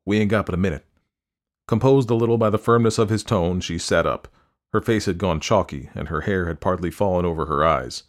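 Brief: male audiobook narrator, very deep voice, measured reading. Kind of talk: scripted storybook narration.

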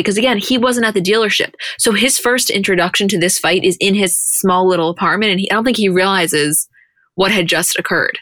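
A woman co-hosting a podcast, recapping a show in casual chat and quoting people in quick animated bursts. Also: medium pitch, dry recording, clean studio sound. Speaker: podcast co-host.

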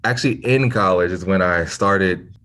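A man speaks in a notably low, deep voice. He tells his story in an earnest, reflective conversational way, with the occasional restart, as a guest on a podcast interview. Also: normal speed, fairly bright tone. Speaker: nonprofit founder, podcast guest.

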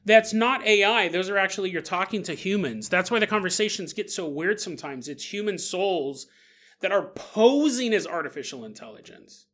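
A man's voice: sits high, lively intonation, normal speed, fairly bright tone. A man hosting a podcast, talking in a casual, joking monologue, laughing often and acting out quoted people in exaggerated voices. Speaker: podcast host.

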